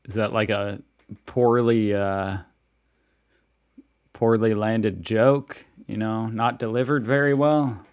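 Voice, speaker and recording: A man's voice: fairly low pitch, fairly even intonation, slow, long pauses, a little mellow, clean tone. A young man from the United States hosting a casual reaction video, talking in an incredulous, exasperated way.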